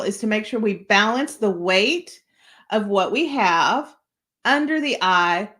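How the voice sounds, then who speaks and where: A woman demonstrates makeup live, chatting easily and talking directly to her viewers. Her voice sits a little high for a woman, and she keeps the tone friendly and encouraging throughout. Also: fairly bright tone. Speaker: makeup tutorial host.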